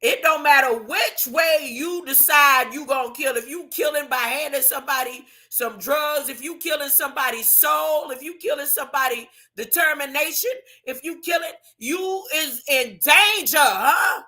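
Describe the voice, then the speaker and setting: A woman preaching alone from scripture in a casual, animated way, throwing out rhetorical questions as she reads. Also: high voice, moderate pace, hardly any pauses. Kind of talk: informal solo Bible teaching.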